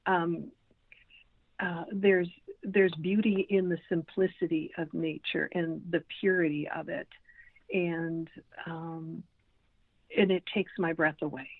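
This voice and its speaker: A woman in her sixties speaks slowly in a fairly low voice, hesitant and full of ums and restarts as she chats in an interview. Her voice arrives over a thin, phone-like line, dry and close. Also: fairly even intonation, dry recording. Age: 60s. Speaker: podcast guest. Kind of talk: casual interview conversation.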